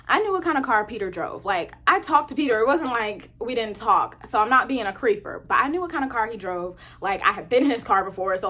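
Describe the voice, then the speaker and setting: A young woman in her twenties telling casual storytime anecdotes to her viewers, chatty and animated. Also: medium pitch, breathy edge. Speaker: vlogger.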